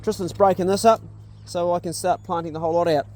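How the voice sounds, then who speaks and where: A man, easygoing and chatty, talking casually in his vlog while working in a garden outdoors. His voice sits high for a man, with plenty of yeah and bro. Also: fairly even intonation, quick pace, darkish tone. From New Zealand. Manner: laid-back, chatty, lots of yeah and bro. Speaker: vlogger.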